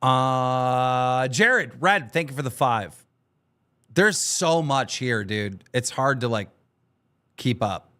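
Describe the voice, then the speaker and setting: A man at a medium pitch hosts a stream and recaps online drama at an unhurried, drawn-out pace. His delivery is offhand and casual, with frequent swearing. He sounds relaxed rather than worked up. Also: smooth. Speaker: stream host.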